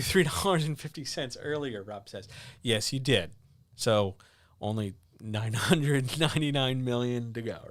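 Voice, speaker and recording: Fielding viewer questions on his writing advice livestream, this man chats casually with a blunt, sardonic edge. He's animated, his pitch leaping suddenly, and the clean studio audio carries no room sound.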